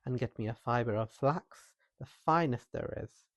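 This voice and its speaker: A man voicing a cheerful little female mouse princess in a storybook reading, talking in a squeaky, eager, gentle way. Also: a little slow, no echo, natural voice.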